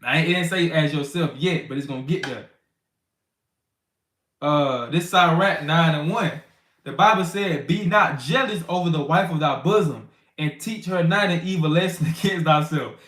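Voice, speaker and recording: A man gives a relaxed Bible lesson in loose, everyday speech, his voice sitting a little high. The room around him rings with echo. Now and then he acts out arguments in a loud, raised voice. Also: moderate pace. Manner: conversational, loose street talk with many "you know what I'm saying". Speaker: teacher of a congregation. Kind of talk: casual Bible teaching.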